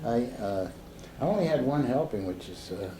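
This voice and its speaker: A man teaching a Sufi breathing practice to a group, talking in a slow, halting way with many fillers and restarts. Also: mid-range voice, expressive, warm tone. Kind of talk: relaxed spoken instruction to a seated group. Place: indoor room with a door to the street. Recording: roomy echo with faint street noise.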